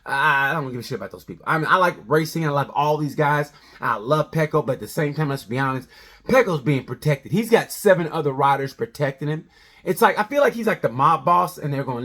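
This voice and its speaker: A man with a slightly higher-than-average voice rambles through a comedic race review. He jumps between tangents in an animated, conversational way. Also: a little fast. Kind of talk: comedic sports review monologue.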